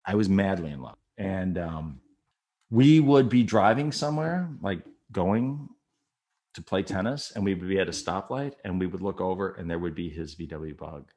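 Middle-aged man, low voice with wide swings; candid storyteller who plays the other people. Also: lively intonation, normal speed, darkish tone. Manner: candid and self-deprecating, with laughs. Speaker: storyteller guest. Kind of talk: personal anecdote told to a listener.

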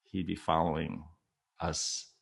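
A creaky, extremely low-pitched male voice moves at a slow pace as a middle-aged guest relates a personal story to a listener. Candid and self-deprecating, he laughs often and animatedly impersonates the people he describes.

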